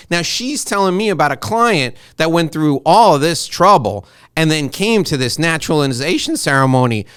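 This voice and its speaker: A middle-aged man hosts a casual interview, his voice smooth and resonant, recorded close and dry. He talks in long, rambling stretches full of asides and restarts, openly emotional. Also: a little high, a bit bright, no echo. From United States. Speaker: podcast host and interviewer.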